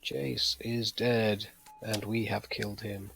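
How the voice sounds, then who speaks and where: A man's voice: on the low side, flat delivery, slow, vocal fry, fairly bright tone, soft background music. A man chatting casually as a co-player on a stream, giving short, laid-back advice on card game plays. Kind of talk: casual chat.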